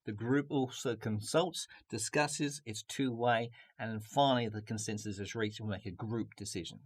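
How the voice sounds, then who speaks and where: A man's voice: lowish voice, steady tone, normal speed, few pauses. Jokey male business teacher. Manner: jokey, puts on a mock French accent at times. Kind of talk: video lesson.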